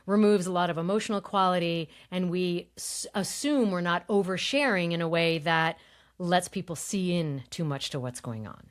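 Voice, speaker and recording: A woman coach explains how the voice works, animated and demonstrative, laughing easily as she talks. Her voice sits a little low for a woman. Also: normal speed. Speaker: voice coach guest. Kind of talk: explanatory interview talk.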